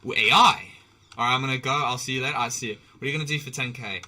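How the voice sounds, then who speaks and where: This man's mid-range voice is rapid-fire and sharp as he chats casually on a gaming live stream. He rambles, restarts, swears and laughs throughout.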